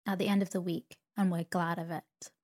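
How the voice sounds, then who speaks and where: A woman's voice: fairly low pitch, little pitch movement, normal speed, a little mellow, close to an everyday voice. A woman voicing a teasing, scornful seven-year-old boy in a storybook reading. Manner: taunting, boastful.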